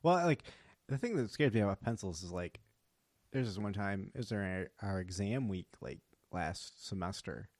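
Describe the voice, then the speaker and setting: A man's voice: on the low side, normal speed, no echo. A young man in his twenties, a comedian guest chatting casually on a podcast recorded in a house, telling stories with lots of laughter and "like" fillers. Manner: animated storyteller, laughs often, heavy "like" fillers.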